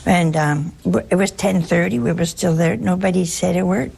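A woman with a deeply raspy voice, rough and gravelly at the edges, gives an informal spiritual talk. She is chatty and humorous, moving easily from story to story as a religious sister talking to a crowd. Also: moderate pace, darkish tone. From United States.

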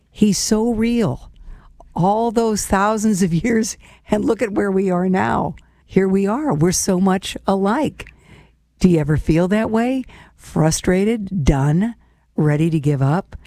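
A woman's voice: deep voice, dark tone, dry recording, clean studio sound. A woman hosting a faith program, giving an earnest, personal reflection on scripture and speaking to listeners as friends. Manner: laughs lightly, sometimes drops to a whisper.

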